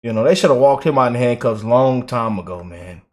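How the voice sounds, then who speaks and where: A man hosting casual political reaction commentary, talking in an animated, mocking, slangy way with repeated words. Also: medium pitch, brisk.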